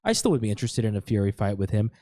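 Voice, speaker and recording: A man's voice: fairly low pitch, rapid-fire, no room sound, studio quality. A man co-hosting a podcast, telling stories in easy casual chat, in an American accent. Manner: laughs easily, relaxed storytelling. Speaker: podcast co-host.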